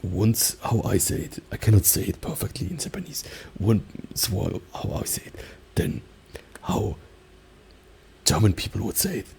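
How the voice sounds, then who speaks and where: Man, soft-spoken ASMR, slow, half-whispered, gravelly tone, binaural mic. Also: lowish voice, big pitch swings. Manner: alternates soft talking and whispers, many "like" fillers. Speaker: ASMR creator.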